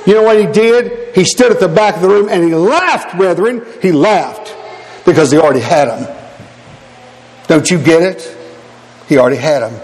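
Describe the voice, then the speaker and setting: An older man preaching a fiery sermon, emphatic and full of rhetorical questions aimed at his brethren. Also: sits high. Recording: long hall reverb.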